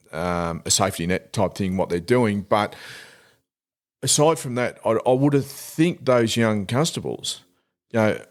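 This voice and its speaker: An Australian man, a police sergeant, talking frankly and a little ramblingly in a casual podcast conversation. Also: on the low side.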